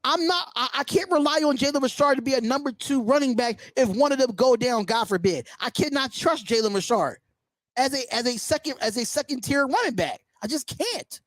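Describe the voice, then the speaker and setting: A high-pitched man hosting a live sports call-in show, worked up and indignant, hammering the same points again and again. The sound is dry and close, with no room around it. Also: animated, a little fast, a bit bright, no room sound. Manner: indignant, emphatic, repeats himself. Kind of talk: sports talk livestream rant.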